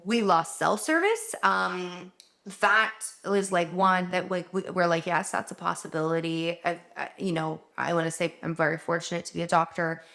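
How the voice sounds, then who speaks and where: A woman's voice: lowish voice, normal speed, creaky, a bit bright. Tired woman vlogging at home, rambly and emotional, trying not to cry. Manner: open, rambling and emotional, many fillers. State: tired, near tears. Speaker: doctor and vlogger. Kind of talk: candid personal vlog. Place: her home.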